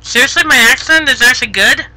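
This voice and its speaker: A woman streaming live on a headset, chatting casually with viewers, giggly and easily flustered, gently scolding chat when it gets rude. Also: high voice, fast talker, no echo, low-quality recording. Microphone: gaming headset.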